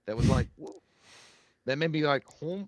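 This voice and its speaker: A man's voice: a little high, normal speed, no echo. A man co-hosting a casual movie review show, talking crudely and rambling with lots of fillers and restarts. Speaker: podcast co-host.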